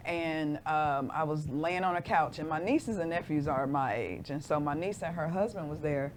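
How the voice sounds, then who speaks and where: Animated woman telling a personal story. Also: deep voice, normal speed, noisy background. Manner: animated storyteller, acts out voices in her story. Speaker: guest. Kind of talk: personal testimony in an interview.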